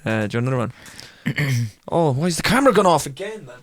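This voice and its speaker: A man's voice: mid-range voice, sing-song, quick pace. A young man co-hosting a podcast, teasing and punning in casual banter. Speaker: podcast co-host. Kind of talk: casual comedy chat.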